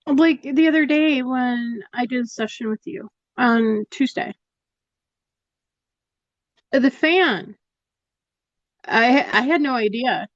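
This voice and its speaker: A woman's voice: high-pitched, slow pace, pauses often, dry recording, lo-fi sound. A woman client answering briefly during a live healing session. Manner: brief agreeing responses.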